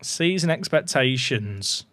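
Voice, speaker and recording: A man's voice: medium pitch, animated, takes it slowly, a bit bright, no room sound. A man casually commentating on his football management game, chatty and full of joking asides to his viewers. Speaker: gaming YouTuber.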